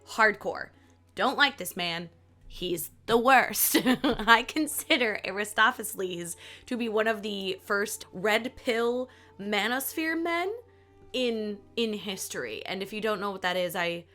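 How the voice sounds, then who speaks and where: A woman's voice: medium pitch, lively intonation, takes it slowly, pushed and bright, soft background music. Wisecracking Southern woman history host. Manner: sarcastic, playful, jokey asides. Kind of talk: comedic history narration.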